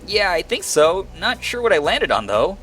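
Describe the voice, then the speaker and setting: A young man reading a visual novel aloud as its narrator, breaking off into animated, self-mocking commentary. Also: sits high, moderate pace, faint music behind. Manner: animated, laughing asides between read lines. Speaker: game streamer.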